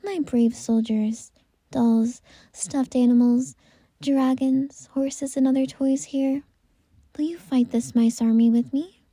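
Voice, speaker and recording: A brave toy nutcracker rallies his troops with slow, earnest words, as a woman reads him aloud. The voice is breathy and very mellow, recorded close and dry. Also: high voice, steady tone, no room sound, heavily acted. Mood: rallying.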